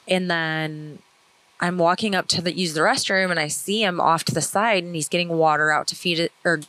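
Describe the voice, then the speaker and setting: A woman co-hosting a podcast and calmly retelling her own story in casual talk. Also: fairly low pitch, normal speed, no echo, low-quality recording. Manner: calm, steady retelling. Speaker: podcast co-host, testimony speaker.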